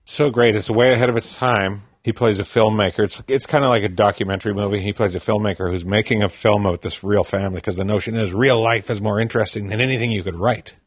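A man with a fairly low voice tells stories in a relaxed podcast chat. He is animated and laughs easily between lines. His voice is recorded close and dry, with no room sound. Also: no echo. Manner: animated storyteller, quick to laugh. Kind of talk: casual chat.

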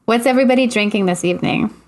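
A woman's voice: fairly high pitch, racing, over a noisy crowd. A woman hosting a podcast, chatting playfully with her guests. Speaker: podcast host. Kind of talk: casual podcast chat.

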